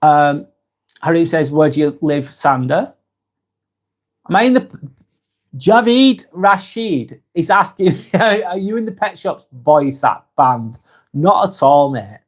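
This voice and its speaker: A man's voice: fairly high pitch, expressive, takes it slowly. Chatty Lancashire man with a raised voice. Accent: Lancashire English. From England. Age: 40s. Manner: chatty and friendly, often restarting and correcting himself. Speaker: live vlog host. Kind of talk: casual live-stream chat reading viewer comments aloud.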